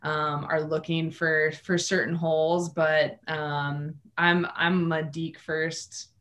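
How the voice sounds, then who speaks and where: A retired woman hockey player, a guest explaining her technique in a relaxed way with frequent fillers. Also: low voice, slow. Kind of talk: casual interview answer.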